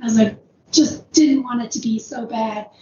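Speaking at a moderate pace with a fairly high pitch and fairly even intonation, this ultrarunner guest shares a lengthy personal story casually, rambling with lots of fillers, many "like"s and frequent laughs. The recording is distant, roomy and dull over a noisy background.

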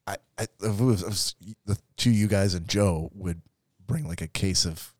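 A man with a fairly low voice hosts a casual podcast, ribbing his friends with wry, profane humor. The sound is close and dry, with no room around it. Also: normal speed, dry recording. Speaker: podcast host. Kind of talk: casual banter.

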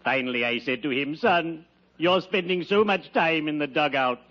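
A man's voice: a little high, moderate pace, natural voice. Digby Odell, a man playing an oily undertaker. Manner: smooth, unctuous, mournful puns. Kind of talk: 1940s radio comedy acting. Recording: lo-fi old radio broadcast with hiss.

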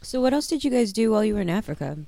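A woman's voice: on the high side, very animated, racing, warm tone. A woman co-hosting a podcast, chatting casually with short, enthusiastic remarks. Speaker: podcast co-host. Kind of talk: casual chat.

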